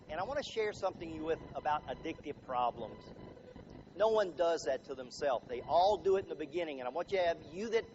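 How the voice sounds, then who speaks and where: High-voiced animated seminar speaker, man. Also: a little hiss or hum. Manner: animated, jokey, acts out little scenes. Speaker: motivational speaker. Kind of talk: seminar talk to a live audience. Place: room with live audience. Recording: dull lo-fi recording, faint ambience.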